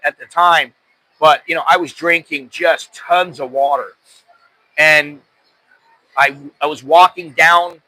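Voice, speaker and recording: A man's voice: fairly high pitch, sharp tone, low-quality recording. A middle-aged American man hosting a podcast, telling stories in a loose, rambling, self-deprecating way. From United States. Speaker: podcast host. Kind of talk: casual chat.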